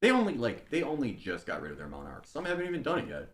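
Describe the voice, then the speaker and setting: A man joining a casual political chat, talking in an animated, excitable way. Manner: animated, fast, swinging between high and low. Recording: roomy, echoey sound.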